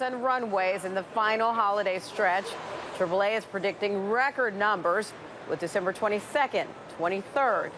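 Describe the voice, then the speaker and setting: A woman business reporter reading a scripted news report in a crisp, measured way. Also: mid-range voice, noisy background.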